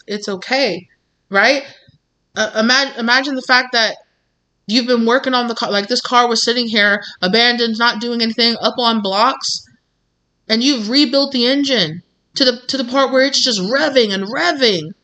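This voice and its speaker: In a relaxed, encouraging reading aimed straight at her audience, this tarot reader keeps calling the listener "babes," soothing them and scattering filler words throughout. She has a high-leaning, bright, and forceful voice.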